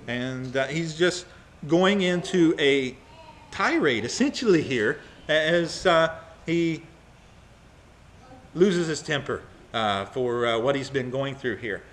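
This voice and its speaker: Bright-voiced man teaching scripture. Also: mid-range voice, animated, a little hiss or hum. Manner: halting with many fillers, dramatizes readings. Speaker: Bible teacher. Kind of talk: Bible study teaching.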